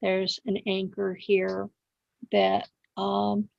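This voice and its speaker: A woman host answering slowly and quietly, with soft affirmations. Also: medium pitch, completely flat delivery, vocal fry, dry recording. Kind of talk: interview listening and reply. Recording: dull lo-fi sound, dry.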